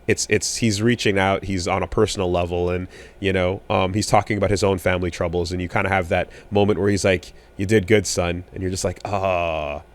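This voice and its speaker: A man in his thirties co-hosting a podcast in casual chat, rambling with many fillers and restarts, getting animated when riled. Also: low voice, fast talker, few pauses. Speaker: podcast co-host.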